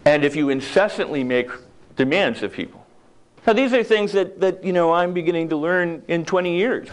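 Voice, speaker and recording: A man delivers a motivational talk in a loose, conversational way. His voice sits a little high for a man, and he keeps it light with jokes and acted-out asides. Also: moderate pace. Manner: conversational, jokey, acts out quoted lines. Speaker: speaker giving a talk.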